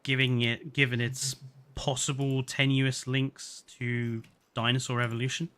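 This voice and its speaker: A man's voice: mid-range voice, flat delivery, a little slow, pushed and bright, smooth. A young man chatting casually on a live stream, laughing often, tripping over names and sounding tired. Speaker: gaming streamer.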